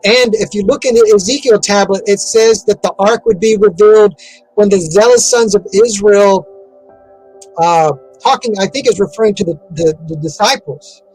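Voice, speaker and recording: A man's voice: high voice, moderate pace, darkish tone, husky, soft background music, rough recording. A man giving an interview in a casual, rambling way, with many fillers and restarts. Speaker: interview guest.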